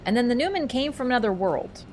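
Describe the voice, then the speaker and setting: A young adult woman chatting casually and teasing her chat while live-streaming a video game, thinking out loud with lots of fillers. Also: on the high side, expressive, quick pace, a little hiss or hum. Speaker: gaming streamer.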